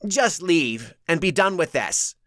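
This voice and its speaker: A man voicing a stern, cold older woman who gives orders calmly. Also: fairly high pitch, slow, dry recording, studio quality, voice pushed up. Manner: cold, commanding.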